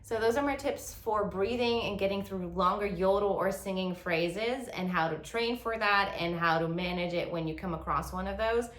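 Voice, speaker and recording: A woman's voice: medium pitch, normal speed, hardly any pauses, fairly bright tone. A woman giving an online yodeling lesson who explains step by step and stops to demonstrate. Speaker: yodeling teacher. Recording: roomy echo.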